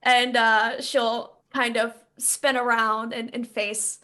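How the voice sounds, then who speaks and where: Bright-voiced woman playing a tabletop game. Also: on the high side, flat delivery, slow. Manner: chatty, describes her character's actions. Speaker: player. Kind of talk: tabletop role-play.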